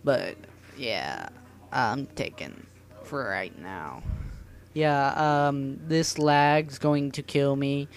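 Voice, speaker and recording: Rambling, slow-talking gamer, self-mocking. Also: mid-range voice, animated, vocal fry. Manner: rambling, self-mocking, breaks into improvised sung lines. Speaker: gamer playing an obstacle course. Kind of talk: casual gameplay commentary. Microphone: phone setup.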